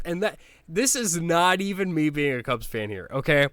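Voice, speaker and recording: A man talking in a casual, blunt, ranting way, cursing and restarting his sentences often. His voice is smooth and clear, recorded dry and close, with no room sound. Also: on the high side, big pitch swings, normal speed, fairly bright tone, no room sound. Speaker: sports logo ranker. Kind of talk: casual opinionated commentary.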